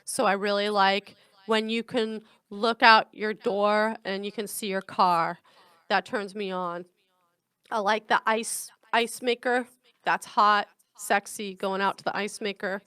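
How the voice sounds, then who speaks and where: A woman's voice: medium pitch, fairly even intonation, unhurried, sharp tone, smooth, no room sound. A middle-aged woman hosting a comedy podcast, talking frankly and chattily in a casual monologue and laughing often. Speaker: podcast host.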